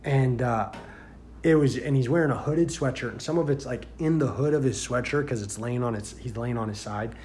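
Guy, sheriff's deputy type, rambling through a story with lots of uhs, average pitch, gets pretty loud and worked up. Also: brisk, a little hiss or hum. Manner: rambling with many fillers, grows loud and animated in retelling. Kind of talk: casual storytelling.

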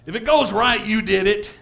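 A middle-aged man preaching a sermon as pastor, animated, laughing and acting out quotes from people. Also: sits high, gravelly.

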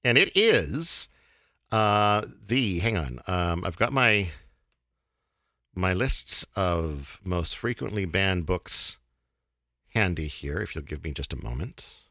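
A man hosting a casual podcast, talking in a halting way with many fillers and restarts. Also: low-pitched, expressive, pushed and bright, no echo, clean studio sound. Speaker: podcast host.

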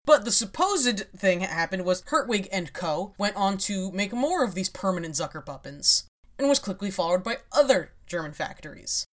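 A woman's voice: medium pitch, expressive, moderate pace. A woman hosts a casual podcast chat. She explains her topic in a wry, rambling way, with frequent laughs. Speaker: podcast host.

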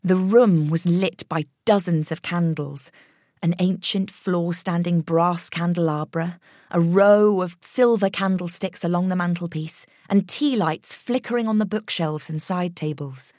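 A woman narrating a horror story in a measured, expressive reading voice. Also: fairly low pitch, dry recording, clean studio sound.

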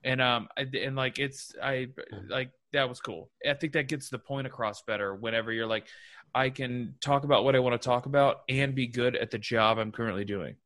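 A man's voice: mid-range voice, steady tone, brisk, fairly bright tone. A man co-hosting a casual comedy podcast, talking enthusiastically and rambling with lots of restarts and fillers. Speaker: podcast co-host. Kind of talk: casual chat.

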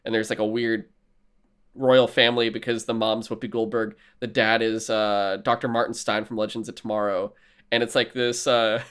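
A man in casual podcast chat, retelling movie plots with animated, profane storytelling and acted-out lines. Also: fairly low pitch, normal speed, clear, resonant tone.

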